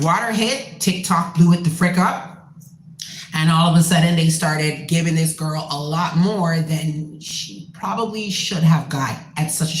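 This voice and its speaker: A woman from Canada, a musician hosting her own show, ranting in a blunt, profane and animated way. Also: sits low, echoey room, poor audio. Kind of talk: casual rant.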